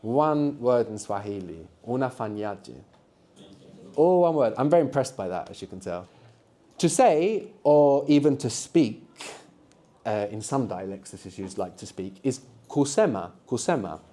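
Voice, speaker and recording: A man's voice: mid-range voice, expressive, normal speed, warm tone. A man teaching a live beginners' language workshop to students in a classroom, patient and encouraging, explaining step by step. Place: university classroom.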